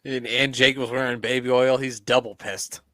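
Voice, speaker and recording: A man's voice: mid-range voice, level tone, moderate pace, a bit bright, dry recording. A man co-hosting a casual podcast, joking and swearing often and laughing as he comments on a wrestling match. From US Midwest. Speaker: podcast co-host.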